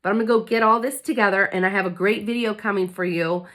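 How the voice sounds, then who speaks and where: A woman's voice: medium pitch, steady tone, quick pace, a bit bright. A woman vlogger talking candidly to her viewers, emotional and determined as she recovers from illness. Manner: candid, emotional, fighting spirit. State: recovering from covid. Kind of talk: casual chat to camera.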